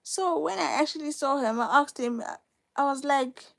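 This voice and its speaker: A woman's voice: fairly high pitch, brisk, gravelly. A young woman hosting a casual live stream from her phone, talking straight to viewers and repeating herself for emphasis. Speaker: livestream host.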